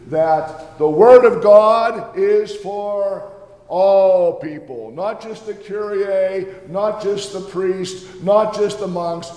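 A man with a high, slightly mellow voice lightly acts the part of a jovial, ancient Reformation preacher. In character, he delivers an earnest, homely first-person sermon with playful asides inside a church sanctuary, recorded in an echoey hall.

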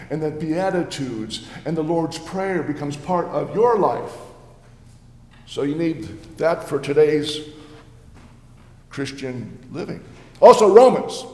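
An actor playing a jovial, ancient male Reformation preacher, giving an earnest, homely first-person sermon with playful asides in a church. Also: sits high. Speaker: preacher in character. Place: church sanctuary. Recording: echoey church hall.

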